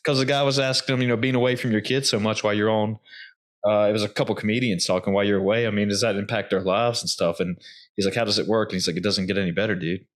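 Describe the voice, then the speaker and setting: A man's voice: lowish voice, steady tone, quick pace. A man hosting a podcast, chatting casually and saying "dude" and "man". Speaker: podcast host.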